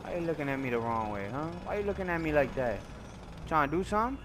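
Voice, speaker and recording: A young man with a fairly high voice runs rowdy, playful commentary over a game. He trash-talks and swings between sudden yells and low mumbling. Loud game sounds and engine noise rumble behind him. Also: quick pace. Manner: excitable trash talk, swinging from shouts to mutters. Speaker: gaming YouTuber. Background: video game noise and vehicle sounds.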